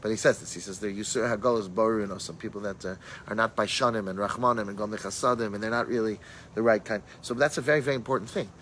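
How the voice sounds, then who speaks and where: Rabbi giving a chatty storytelling class. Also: male voice, fairly low pitch, steady tone, quick pace, fairly bright tone, a little hiss or hum, low-quality recording. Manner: storytelling, with Hebrew and Yiddish terms; thinks aloud with fillers and restarts. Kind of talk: conversational Torah class.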